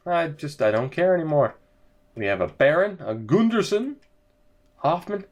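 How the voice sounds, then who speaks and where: A man's voice: a little high, very animated, normal speed. A young man giving sarcastic, exasperated commentary over a hockey video game as he plays. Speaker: gaming video creator. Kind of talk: let's-play commentary.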